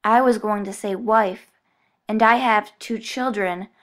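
A woman voicing a confused, anxious boy who speaks in halting fragments. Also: medium pitch, fairly even intonation, fairly bright tone, close to an everyday voice.

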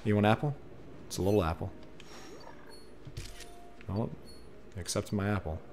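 A man playing a photo game and giving casual commentary, talking excitedly to the creatures on screen. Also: on the low side, a little slow, a little hiss or hum. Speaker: gaming streamer. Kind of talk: casual let's-play commentary. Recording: faint game music behind. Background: faint game music.

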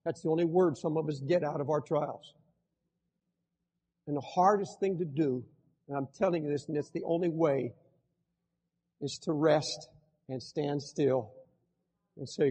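An older male pastor delivering a fervent sermon straight to the congregation. His voice sits high and has a husky edge. It rings out with the long reverb of a large hall. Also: unhurried, long pauses, warm tone. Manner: fervent preaching, direct address to the congregation.

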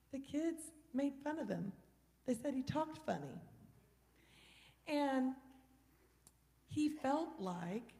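Slow gravelly woman in a reverberant church. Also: medium pitch. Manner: gentle storytelling to children. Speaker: children's message leader. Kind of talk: children's sermon. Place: church sanctuary. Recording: long church hall reverb.

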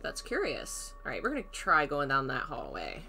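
A woman's voice: deep voice, wildly swooping pitch, normal speed, gravelly, bright, forceful tone, faint music behind. A woman streaming a horror game, chatting casually, thinking aloud, greeting viewers and laughing often. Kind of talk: casual let's-play commentary.

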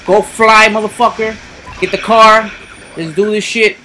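A man giving casual commentary over his own online shooter match, excitable and swearing constantly, yelping when something sudden happens. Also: sits high, unhurried, a little hiss or hum. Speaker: gamer doing live commentary.

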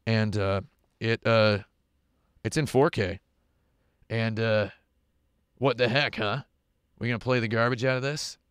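A man's voice: lowish voice, fairly even intonation, unhurried, pauses often, fairly bright tone, smooth, no echo, studio quality. A man chatting casually on a game livestream, telling rambling, digressive stories into a headset at home. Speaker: streamer. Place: home room with carpet.

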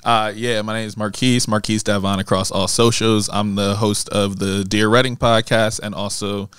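A soft-spoken man speaks in a relaxed way as a guest on a podcast. His voice is low and smooth, and it is recorded dry and close to the mic. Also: normal speed, no echo. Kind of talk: casual podcast interview.

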